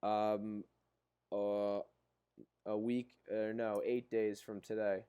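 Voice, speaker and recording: A man's voice: lowish voice, level tone, slow, warm tone, smooth. A young man co-hosting a podcast over a video call, telling stories in casual chat, cursing often and rambling with plenty of fillers. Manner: profane, rambling storyteller. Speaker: podcast co-host.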